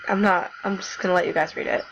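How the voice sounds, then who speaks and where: A woman's voice: on the low side, steady tone, quick pace, noisy background. A sick, congested teenage girl chatting casually while playing a dating game, self-mocking and chatty. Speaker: gamer.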